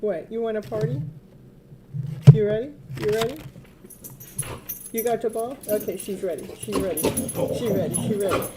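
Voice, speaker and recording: A woman's voice: medium pitch, moderate pace, pauses often, heavy background noise. A woman giving a casual tarot reading, chatting, laughing often and coaxing her dog. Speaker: tarot reader.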